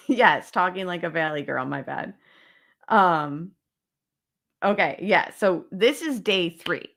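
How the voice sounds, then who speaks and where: Woman host for a casual stream, slow and chatty, a little low-pitched, addresses viewers directly. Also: animated, gravelly, fairly bright tone. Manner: chatty, talks straight to viewers, reads documents aloud. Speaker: true crime channel host. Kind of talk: casual livestream case discussion.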